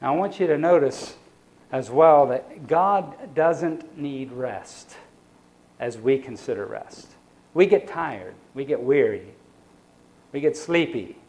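A man preaching a sermon. He speeds up and slows down, and drops to a soft, quiet voice for quoted reflections. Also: mid-range voice, expressive. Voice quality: sighs for emphasis. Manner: varies pace and loudness, slows on key phrases, drops soft for quoted reflections.

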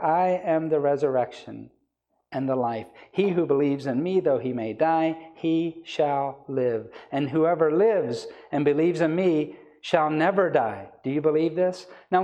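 Guy preaching a bible study, reads the verse then explains it hard, warm mellow tone. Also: on the high side, vocal fry, dull audio. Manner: reads scripture aloud then explains it emphatically.

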